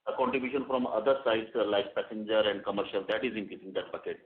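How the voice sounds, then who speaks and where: Man, low voice, explains figures on a call, self-correcting; phone-line sound. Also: quick pace, noisy background. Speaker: company executive on earnings call.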